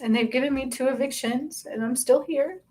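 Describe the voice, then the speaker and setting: A woman's voice: high-pitched, normal speed, a little mellow. A woman speaking as a spiritual channel host. She gives an earnest, confessional personal testimony and often stops and restarts mid-sentence. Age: adult.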